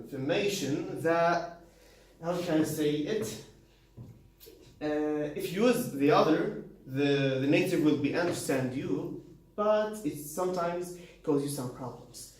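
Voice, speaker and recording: Halting man presenting in an echoey classroom. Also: a little high, lively intonation, a little mellow, far from the mic. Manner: halting, many fillers and restarts, non-native grammar. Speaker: student presenter. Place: university classroom. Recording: very echoey room, voice from afar, faint noise.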